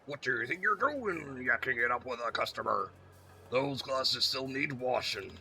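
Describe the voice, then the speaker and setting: A man doing a gruff, bossy head chef. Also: medium pitch, animated, moderate pace, bright, forceful tone, faint music behind, full character voice. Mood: scolding. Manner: barking, scolding.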